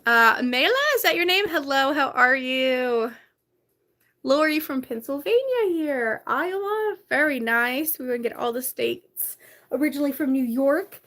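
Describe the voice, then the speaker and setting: A woman's voice: high-pitched, expressive, unhurried, bright, forceful tone. Chatty woman live-streaming from her bedroom. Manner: chatty, greets viewers by name, laughs often. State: tired, coughing. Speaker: livestream host. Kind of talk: casual live-stream chat.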